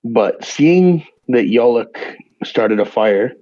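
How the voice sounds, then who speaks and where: A man's voice: mid-range voice, lively intonation, slow pace, dark tone. A man playing a tabletop game, talking casually and eagerly as he lays out his plan. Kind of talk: casual chat. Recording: dull lo-fi audio.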